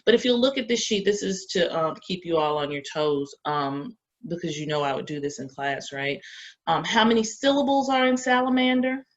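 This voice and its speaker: A woman's voice: fairly low pitch, normal speed. A woman professor giving a reading lesson to teacher candidates, asking questions and answering them herself. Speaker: education professor. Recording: dull lo-fi lecture recording.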